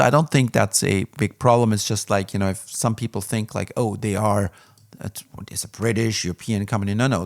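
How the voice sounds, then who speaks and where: A man's voice: fairly low pitch, no room sound, clean studio sound. A man casually reviewing an audio interface, candid and rambling, with plenty of fillers. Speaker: music gear reviewer.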